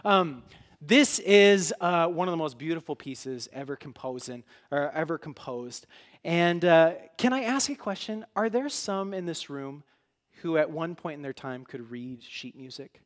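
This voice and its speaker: A tired man preaching a sermon in a church hall, earnest and halting, with many restarts, and moved to emotion at times. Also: fairly high pitch, expressive. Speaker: pastor.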